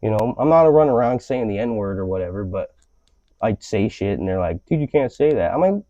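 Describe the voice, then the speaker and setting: Profane, rambling man with lively pitch. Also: fairly quick, dry recording. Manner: profane, rambling ranting delivery. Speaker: podcast host. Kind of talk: casual podcast chat. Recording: slightly dull lo-fi audio.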